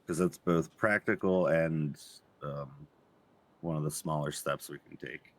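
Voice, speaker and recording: A man playing a calm therapist in a roleplay, speaking gently and hesitantly with frequent restarts. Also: rumbling low, unhurried, heavily acted. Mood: gentle, reassuring. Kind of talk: GTA roleplay stream acting.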